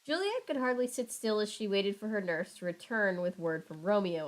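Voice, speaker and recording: A woman's voice: mid-range voice, animated, moderate pace, hardly any pauses, low-quality recording. A young woman casually reading a children's book aloud with wry, chatty asides. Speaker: channel host.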